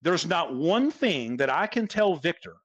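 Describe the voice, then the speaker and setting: A man's voice: fairly high pitch, sing-song, unhurried, a bit bright, slightly rough, no echo. A man speaking as a golf instructor guest on a podcast, talking casually and hammering points home by repeating them. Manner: emphatic, repeats points for stress.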